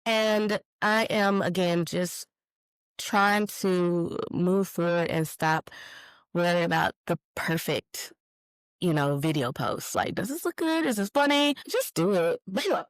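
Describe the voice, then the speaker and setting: Woman in her 40s doing a chatty solo podcast, lowish voice, dry close sound, blunt and swears a lot. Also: measured pace, clear, resonant tone, no room sound, rough recording. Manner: candid, animated storytelling with swearing and laughter. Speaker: podcast host. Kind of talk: casual solo podcast, live-streamed.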